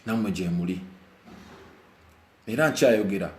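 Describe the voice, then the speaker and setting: A Ugandan man, a vlogger, delivers impassioned live commentary indoors while it rains outside, switching between Luganda and English and driving his points home through repetition. He speaks low and unhurried, pausing often, and the sound is roomy.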